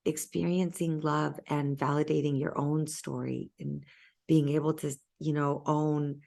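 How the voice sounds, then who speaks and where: A woman hosting an interview, talking reflectively in a halting, soft-spoken way with many pauses. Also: low-pitched, level tone, creaky. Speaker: interview host.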